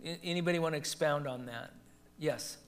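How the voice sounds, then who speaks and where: A man who is a pastor, teaching a Bible study and telling lively stories with a laugh. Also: fairly high pitch, fairly quick. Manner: animated storytelling, laughs at his own anecdotes. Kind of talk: teaching and discussion.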